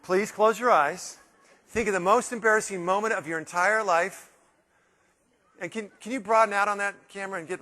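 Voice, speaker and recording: A man giving a live motivational keynote, playful and animated, acting out quoted voices as he works the room. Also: sits high. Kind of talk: live keynote speech with audience interaction. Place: large hotel conference room. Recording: long hall reverb in a big room.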